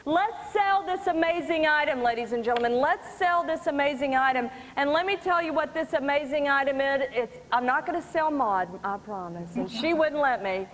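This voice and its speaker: A woman's voice: high-pitched, normal speed, few pauses, a little hiss or hum. A woman auctioneer calling bids in a salesy live-auction patter, repeating the bid amounts and addressing the room. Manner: salesy, repeats bid calls and "ladies and gentlemen". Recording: reverberant hall.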